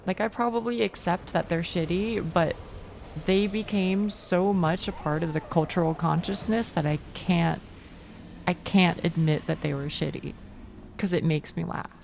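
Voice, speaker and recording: Chatting casually while streaming a game, a young VTuber curses openly and jokes at her own expense to her viewers. She speaks at a measured pace in a fairly low, steady, creaky voice with a darkish tone, over slight hiss or hum.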